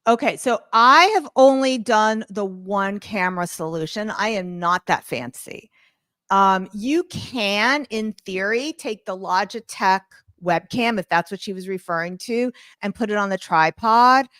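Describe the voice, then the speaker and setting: A woman's voice: medium pitch, a little slow, a bit bright, no room sound. A woman leading a live online class, talking casually with jokey asides about her studio microphone setup at home. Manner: chatty, informal, jokey asides. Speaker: online art course instructor.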